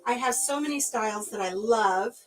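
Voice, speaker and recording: Chatty, slightly high-voiced woman vlogger, live-stream chat while tidying. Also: moderate pace, music in the background, rough recording. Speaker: craft vlogger.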